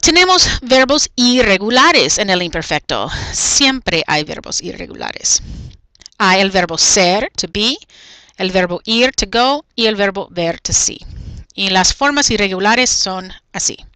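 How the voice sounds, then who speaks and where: Woman teacher recording a lesson, bright clear voice, dry close sound, goes over stuff twice. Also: medium pitch, animated, no echo, low-quality recording. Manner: explains slowly and repeats each point in Spanish then English. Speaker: Spanish teacher.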